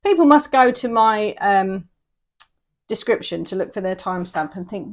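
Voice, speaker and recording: A woman's voice: medium pitch, lively intonation, moderate pace. A woman giving a casual tarot reading, chatty and rambling, often checking in with "yeah?". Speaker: tarot reader.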